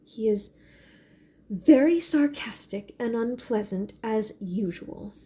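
A woman's voice: on the high side, a little slow, dark tone, slightly rough. A woman doing an imploring young woman. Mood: earnest. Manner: imploring, tearful. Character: pleading devoted young woman. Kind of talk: audiobook reading.

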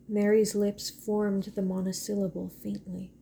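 A woman narrating a novel in a gentle, measured reading voice. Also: mid-range voice, a little hiss or hum. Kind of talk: audiobook narration.

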